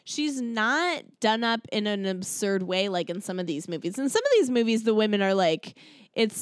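A woman co-hosting a podcast in a loose, chatty way, full of "like" and quick asides. Her voice sits at an ordinary middle pitch. The sound is dry and close, with no room around it. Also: lively intonation, smooth, no echo. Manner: chatty, lots of "like" and fillers, laughs easily. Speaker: podcast co-host. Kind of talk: casual chat reviewing a movie.

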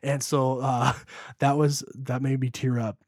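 A man's voice: mid-range voice, little pitch movement, measured pace, a little mellow, no echo, clean studio sound. A young man co-hosting a podcast, rambling emotionally through a movie retelling with lots of fillers. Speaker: podcast co-host. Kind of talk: casual chat.

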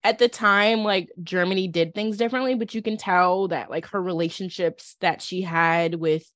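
A woman's voice: fairly low pitch, fairly even intonation, normal speed, a bit bright, no room sound. Woman cohost rambling casually, lots of restarts, dry close mic. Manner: chatty, with many restarts and fillers. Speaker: podcast co-host. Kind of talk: casual chat.

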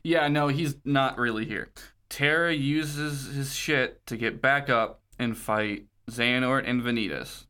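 A man's voice: mid-range voice, measured pace, pushed and bright, clean tone. A man co-hosting a podcast in a casual chat, jokey, laughing often and swearing casually. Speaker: podcast co-host. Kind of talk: casual chat recapping a video game.

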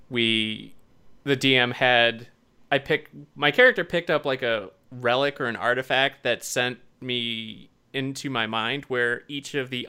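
A man's voice: medium pitch, smooth. A man co-hosting a casual podcast chat, joking and telling rambling stories. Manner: animated, joking, rambling storyteller.

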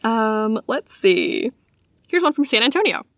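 A woman co-hosting a casual podcast, reading listener stories aloud with a giggly, animated manner. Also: on the high side, measured pace, creaky, dry recording, clean studio sound. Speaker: podcast co-host.

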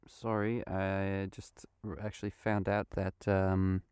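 Young male podcaster, slow and smooth, mock-formal politeness, dry close sound. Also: lowish voice, flat delivery, a little mellow, no echo. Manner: overly polite, formal phrasing, rambling. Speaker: podcast host in character. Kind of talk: improvised comedy sketch.

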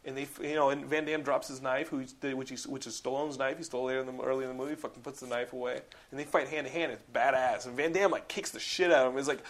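A young podcast host rattles along at a quick pace with few pauses, excitable and profane in loose chat, filling his sentences with "like." His voice has an ordinary middle pitch.

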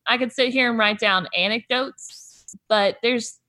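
Woman cohost, chatty, lots of likes, goes low and soft sometimes. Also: measured pace. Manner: chatty, uses many fillers, drops low and soft at times. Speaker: podcast co-host. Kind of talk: casual recap chat.

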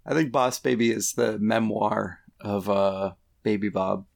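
A man's voice: fairly low pitch, fairly even intonation, a little slow, gravelly. A man co-hosting a podcast, chatting casually in a laid-back, rambling way and giggling often. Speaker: podcast co-host. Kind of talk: casual comedic chat.

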